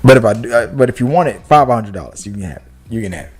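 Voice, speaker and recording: A young man hosting a podcast chats casually in a medium-pitched, slightly rough voice, racing along. He's rambling and animated, swearing and restarting his sentences.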